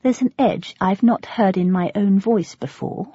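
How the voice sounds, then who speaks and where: A woman with an English accent reading a first-person audiobook in a wry, expressive way. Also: mid-range voice, measured pace, husky, dry recording. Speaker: audiobook narrator. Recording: dull lo-fi audio.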